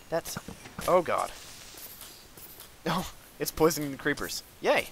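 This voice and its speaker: A young man hosting a gameplay video, excitedly commenting on his own play, talking to his enemies and breaking into outbursts and laughs. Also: on the high side, takes it slowly, creaky, long pauses, a little hiss or hum, rough recording. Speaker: gaming video host.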